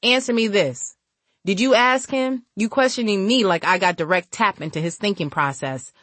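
A woman's voice: medium pitch, normal speed, fairly bright tone, dry recording, lightly acted. A woman reading the part of a blunt older brother who lectures in street slang. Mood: firm. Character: calm older brother, loyal to family.

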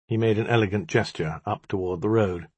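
A man reading an audiobook in an expressive, even-paced scripted narration. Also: lowish voice, fairly quick, slightly rough, dry recording.

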